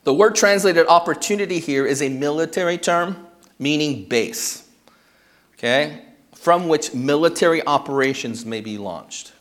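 Male pastor, a touch high in pitch, steady teaching-sermon delivery that checks in with the room. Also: unhurried. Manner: checks in with the congregation with frequent "okay?". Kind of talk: expository sermon.

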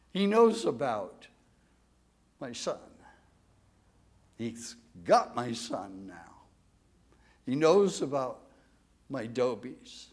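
Lively high-voiced preaching man. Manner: emotional, swings between hushed and emphatic; asks the congregation for a show of hands. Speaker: pastor. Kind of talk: sermon.

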